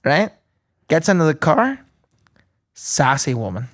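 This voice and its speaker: A man's voice: on the high side, unhurried. A man, co-hosting a podcast in casual chat and telling stories with frequent chuckles. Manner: animated storyteller, chuckles often. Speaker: podcast co-host.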